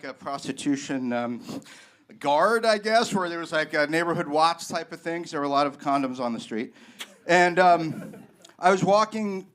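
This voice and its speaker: A man telling a comic personal story on a live comedy stage, animated and rambling, with lots of fillers. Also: on the high side, clear, resonant tone. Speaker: guest storyteller.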